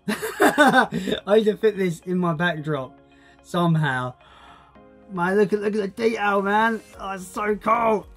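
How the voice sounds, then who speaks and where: A young man unboxing a gift, excitable and swearing often, laughing as he talks. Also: high-pitched, measured pace, soft background music. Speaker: YouTuber. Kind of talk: casual unboxing vlog.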